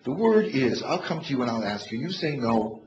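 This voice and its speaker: An older man giving a funny motivational talk on stage to a live audience, animated and storytelling. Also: medium pitch, moderate pace. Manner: animated storyteller, bursts into shouts to rouse the crowd. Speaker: motivational comedian. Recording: echoey, dull live hall recording with noise.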